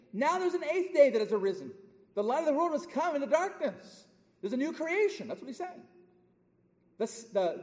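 A man preaching a sermon, swinging from quiet asides to loud, emphatic declarations. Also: a little high, big-room sound.

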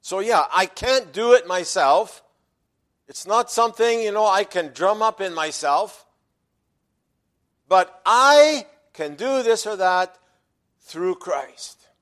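The speaker is a male pastor mid-sermon, with a voice somewhat high for a man. His intonation is lively and his pace slow, with long pauses; he preaches emphatically, quieting for asides and rising in volume for scripture quotations.

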